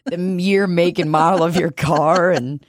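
A woman's voice: fairly low pitch, fairly even intonation, a little slow, no echo, clean studio sound. A woman in casual chat, telling stories with acted-out quotes and laughing often.

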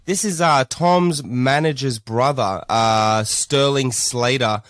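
A man's voice: medium pitch, slow pace, a bit bright, no room sound, studio quality. A man co-hosting a comedy podcast, hesitant and full of filler words as he plays along with a caller. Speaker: podcast co-host.

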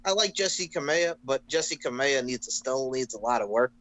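A man co-hosting a casual wrestling podcast, talking in an animated, ranting way and swearing freely. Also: mid-range voice, moderate pace, poor audio. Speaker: podcast co-host.

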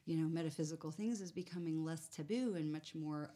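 Chatty woman with a low voice. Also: a little fast. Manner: animated storytelling with frequent fillers. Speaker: medium, guest. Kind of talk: casual conversation.

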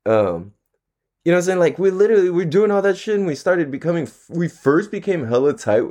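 A man's voice: on the high side, sing-song, brisk, darkish tone. A young man hosting his own podcast on camera, talking in a loose, rambling way with plenty of slang and swearing and frequent laughter. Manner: laid-back, slangy, swears a lot, laughs often. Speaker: solo podcast host. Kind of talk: casual rambling monologue. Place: at home, on camera.

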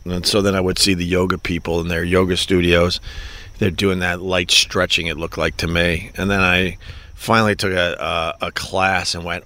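A man's voice: deep voice, moderate pace, bright, forceful tone. Loose, profane middle-aged male streamer. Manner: loose, profane, self-mocking, greets viewers by name. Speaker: livestream host reading viewer chat. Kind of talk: casual rambling livestream chat.

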